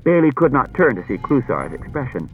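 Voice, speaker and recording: A man's voice: medium pitch, sing-song, a little fast, phone-quality sound, soft background music. A man giving scripted audiobook narration, reading expressively.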